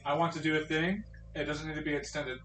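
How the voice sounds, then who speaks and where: A man's voice: fairly high pitch, level tone, fairly bright tone. A man playing at a tabletop game, chatting casually and joking with the group. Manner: joking, quick asides. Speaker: player. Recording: roomy, distant mic with faint noise.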